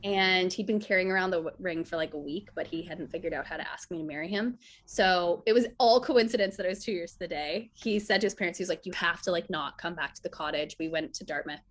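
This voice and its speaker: A woman's voice: on the low side, fast, hardly any pauses. Woman guest chatting away, lots of "like", acts out voices in her stories. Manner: animated storyteller, acts out quotes, says "like" often. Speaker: actress guest. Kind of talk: casual interview chat.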